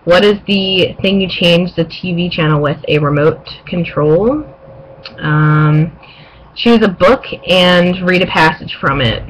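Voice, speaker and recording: Young woman, eastern US, sleepy late-night webcam vlog, low-ish voice, chatty with ums. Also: slow, slight background noise, rough recording. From eastern United States. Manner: chatty with frequent um fillers. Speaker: vlogger. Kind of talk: casual vlog, word-list reading.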